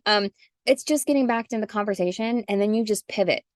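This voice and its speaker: Brief: middle-aged woman sales coach, chatty and animated, dry close video-call mic. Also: mid-range voice, fairly quick, dry recording. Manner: chatty, animated, acts out sample messages. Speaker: guest coach. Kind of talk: casual zoom call.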